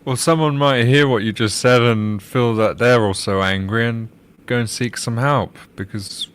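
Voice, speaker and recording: Calm man co-hosting a livestream chat. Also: medium pitch, moderate pace, a little hiss or hum. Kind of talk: casual chat.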